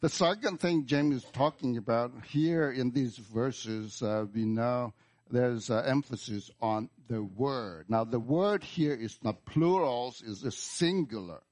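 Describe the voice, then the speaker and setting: Male pastor, slow sermon delivery, repetitive emphatic phrasing. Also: medium pitch, darkish tone. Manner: slow, deliberate preaching with repeated words and emphatic restarts. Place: church.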